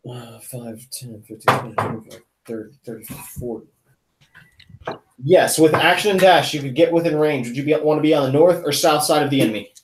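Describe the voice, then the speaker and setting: A man's voice: medium pitch, a little fast, roomy sound, a little hiss or hum. A man acting as dungeon master, narrating combat and running the turns of a tabletop game. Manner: runs the table, counts out moves, narrates combat.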